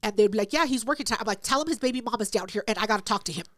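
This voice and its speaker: A woman co-hosting a podcast, telling a story in a casual, loud and profane way, acting out everyone's lines. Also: mid-range voice, racing, no room sound, clean studio sound. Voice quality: loud, profane, animated retelling with acted-out quotes. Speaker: podcast co-host.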